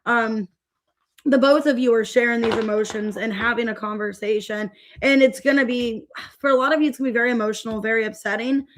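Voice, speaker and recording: Young female tarot reader, slightly high voice, loose chatty delivery that greets viewers. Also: fairly even intonation, a little fast. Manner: chatty, rambling, greets viewers mid-reading. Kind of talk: casual tarot reading.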